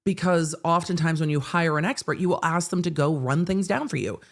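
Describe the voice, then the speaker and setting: A woman's voice: fairly low pitch, fairly quick. A woman hosting live commentary on a court hearing, talking in a blunt, sardonic way and swearing freely. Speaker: legal commentary host.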